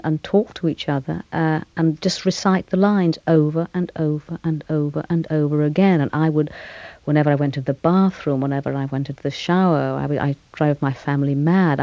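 A woman actress answering interview questions in a thoughtful, measured way, with fillers and small laughs. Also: low-pitched, mellow, no room sound, dull audio.

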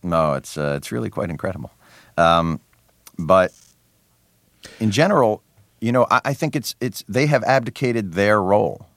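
A man with a very deep voice swings up and down in pitch as he talks. He sounds sardonic and animated, tripping into restarts as his thoughts outrun his words. The sound is close and dry, as from a studio mic. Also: moderate pace, pauses often, no echo. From New Jersey. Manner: many restarts and fillers. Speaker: interview guest, comedy show host. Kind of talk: radio interview.

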